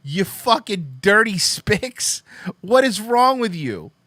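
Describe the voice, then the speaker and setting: Shrieking, sneering online ranter voiced by a man, high, strained and bright, spitting out profane mock outrage. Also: sing-song, slow pace, dry recording, studio quality, full character voice. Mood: mock rage. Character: shrieking, sneering caricature of an angry online poster.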